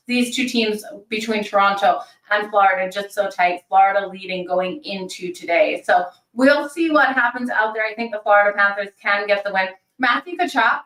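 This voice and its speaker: A woman hosting a daily hockey betting show, talking fast and chatty, thinking out loud with fillers. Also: a little high, far from the mic. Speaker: sports betting show host. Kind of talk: casual fast-paced hockey picks talk. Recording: roomy sound from off-mic.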